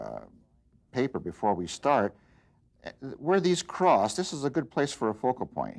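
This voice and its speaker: Patient, low-voiced male art teacher. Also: a little mellow. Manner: plain, patient explaining with frequent fillers and restarts. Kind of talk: instructional demonstration.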